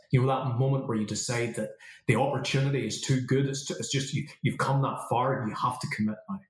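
A man's voice: medium pitch, fairly even intonation, fairly quick. A man, a confidence coach telling a personal story and acting out the dialogue in it. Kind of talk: storytelling monologue. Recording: roomy echo.

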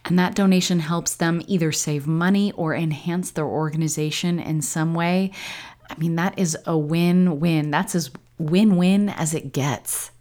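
A woman's voice: sits low, fairly even intonation, unhurried, mellow. A woman hosting a casual conversation, speaking in an earnest, reflective way. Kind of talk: casual chat.

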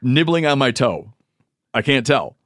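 A man hosting a podcast in casual conversation, thinking out loud and acting out imagined scenes. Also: medium pitch, sing-song, unhurried, no echo, studio quality. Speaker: podcast host.

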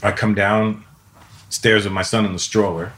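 A man's voice: on the low side, takes it slowly. A middle-aged man, hosting a podcast, telling stories casually and laughing along the way. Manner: animated, laughs through stories. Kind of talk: casual storytelling.

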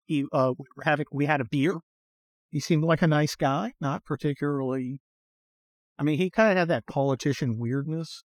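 A man's voice: fairly high pitch, moderate pace, no echo. A man hosting a podcast from inside a car, giving blunt, profane opinions in a rambling, casual way with lots of fillers. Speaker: podcast host.

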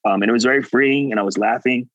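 A man's voice: medium pitch, fast talker, no echo, lo-fi sound. A man guest telling a personal story earnestly, acting out what people said. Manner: animated, earnest, acts out quotes. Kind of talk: casual storytelling.

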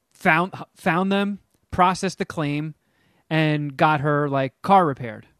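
A man's voice: on the high side, clear, resonant tone, no room sound, clean studio sound. Rambling, self-mocking comic storyteller, man. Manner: acts out quotes in character voices. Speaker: podcast co-host.

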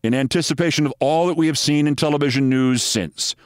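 A man's voice: a little high, brisk, smooth, dry recording, clean studio sound. A man hosting a show and delivering a sardonic, theatrical commentary monologue. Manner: sardonic, dryly theatrical storytelling. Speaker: host.

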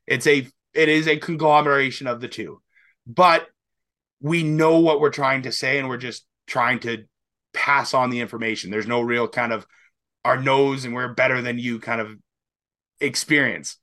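Here a young Canadian man with a pushed, bright, mid-range voice co-hosts a podcast. He keeps things casual and rambling, with laughter and the odd swear word.

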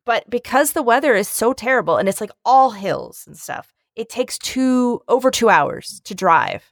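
A woman telling a funny story in casual chat, animated and acting out the voices of the people in it. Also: a little high, moderate pace, gravelly, no room sound, clean studio sound.

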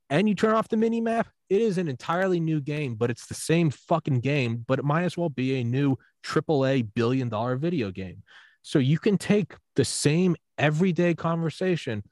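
Profane, animated man hosting a podcast. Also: on the high side, brisk, dry recording. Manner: profane, animated storytelling with acted-out quotes. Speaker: podcast host. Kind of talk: casual podcast chat.

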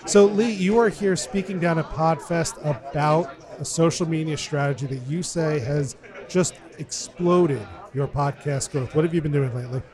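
Male podcast host, higher voice, brisk upbeat intros, convention setting. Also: darkish tone. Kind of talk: podcast interview hosting at a convention. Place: convention floor.

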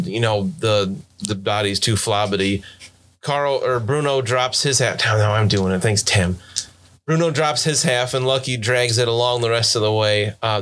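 A man's voice: lowish voice, fairly bright tone. A man narrating as game master of a tabletop role-playing game, laughing easily.

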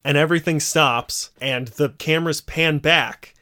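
A man's voice: fairly high pitch, a little slow. A man co-hosting a casual podcast chat, retelling scenes at length and acting out the quoted lines. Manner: animated storyteller, acts out quoted lines. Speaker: podcast co-host.

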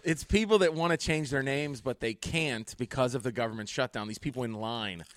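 A man's voice: mid-range voice, fairly quick, fairly bright tone, slight background noise. Man rambling through comedic stories. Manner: rambling storyteller, laughs at his own bits. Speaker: comedian and podcast host. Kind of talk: casual comedic banter. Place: large empty hotel conference room.

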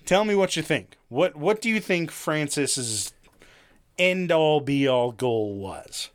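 A man's voice: on the high side, expressive, slow. A man casually telling a true crime story to a friend, with lots of fillers, laughs and swearing. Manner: swears and laughs often, many fillers and restarts. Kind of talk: casual chat.

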